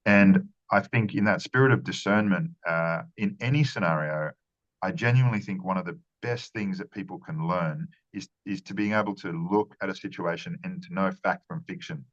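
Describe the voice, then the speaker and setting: A man with a very low voice gives earnest interview answers. He often repeats words and restarts his phrases. The sound is dull and lo-fi. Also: normal speed. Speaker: marketing strategist guest.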